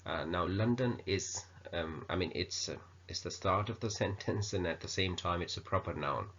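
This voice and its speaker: Deep-voiced man teaching grammar. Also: a bit bright. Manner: unhurried explaining with many fillers. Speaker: English teacher. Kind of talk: grammar lesson. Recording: dull lo-fi recording.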